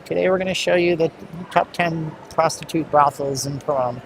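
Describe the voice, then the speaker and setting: A man's voice: fairly high pitch, fairly quick, vocal fry, background noise, pitched above the performer's own voice. A man mimicking an upbeat female travel vlogger with a sing-song, mock-cheerful greeting.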